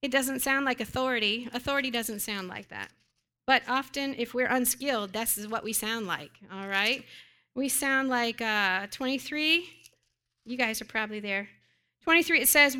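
A woman preaching with a high, lively pitch and a bright, sharp tone. She teaches scripture and presses her points with emphatic, repeated commands to the congregation. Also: normal speed, clean tone. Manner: emphatic, repetitive exhortations. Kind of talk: sermon teaching.

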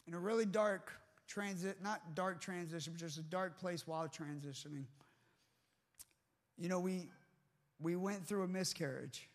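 A man with a high-sitting voice preaches at a normal speed before a live congregation in a large hall. His sermon is full of fervent emphasis and restarts, and the recording carries a long hall reverb.

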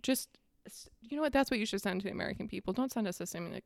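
A woman's voice: mid-range voice, lively intonation, very fast, vocal fry, no echo, clean studio sound. A young adult woman delivering a sarcastic, exasperated casual rant about politics. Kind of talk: casual ranting monologue.

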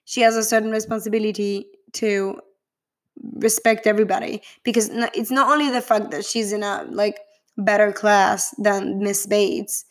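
Woman vlogger, mid-pitched, chatty and profane, gushing film review. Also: flat delivery, normal speed. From Spain. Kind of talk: casual chat.

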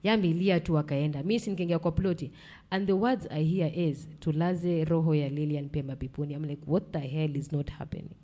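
A woman's voice: deep voice, fairly even intonation, a little fast, warm tone. A young woman with a Kenyan accent tells a painful personal story in blunt speech that swings between English and Swahili slang, sounding close to tears. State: emotional, near tears. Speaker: podcast guest.

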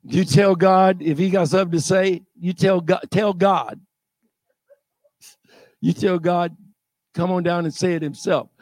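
A man's voice: sits high, steady tone, unhurried, long pauses, darkish tone, no room sound, pitched below the performer's own voice. A man voicing a grumbling, defiant crowd of ancient Israelites, talking in a sassy way and repeating their demands.

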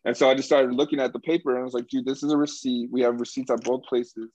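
A young man telling a funny story in casual chat, animated, often laughing and swearing. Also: medium pitch, quick pace, no room sound. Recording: slightly dull dry recording.

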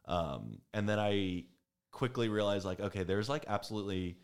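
A man's voice: on the low side, expressive, moderate pace. A young adult man, a comedian guest, chatting casually on a podcast in a rambling, hesitant way full of fillers.

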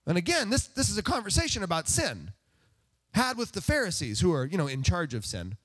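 Male pastor, somewhat high voice with lively, swooping pitch; chatty sermon full of rhetorical questions and self-deprecating asides. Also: brisk. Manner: conversational, asks the congregation rhetorical questions.

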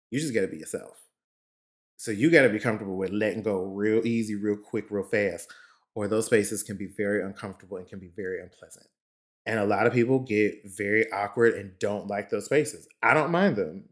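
A man hosting a podcast, telling a story in a casual, expressive way. He laughs often, calls his listeners honey, and moves between lively bursts and quiet, reflective stretches. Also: fairly low pitch. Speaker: podcast host.

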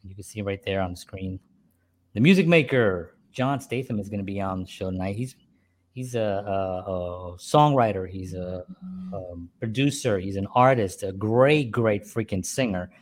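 A man's voice: on the low side, normal speed. A middle-aged man hosting a casual talk show from home, rambling with many fillers and restarts. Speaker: podcast host. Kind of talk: casual chat.

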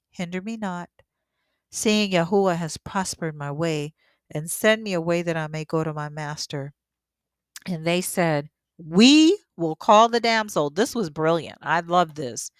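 Woman scripture reader, unhurried and low-pitched, close dry mic, stopping to add heartfelt asides. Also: smooth, dry recording. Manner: reads steadily, then breaks in with emotional asides. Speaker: scripture teacher. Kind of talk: reading scripture aloud with commentary.

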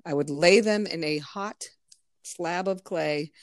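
A middle-aged woman from the United States, chatting casually and spinning stories, laughing often and swearing without a second thought. Her voice sits a little low and sounds close and dry, with no room around it. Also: takes it slowly, no room sound. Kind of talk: casual chat, telling anecdotes.

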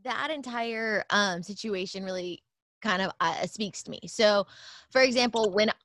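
A woman's voice: medium pitch, measured pace, a bit bright, dry recording. A woman who is a yoga teacher and new personal trainer, speaking hesitantly with many fillers in a casual chat. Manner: hesitant, filler-heavy, openly insecure.

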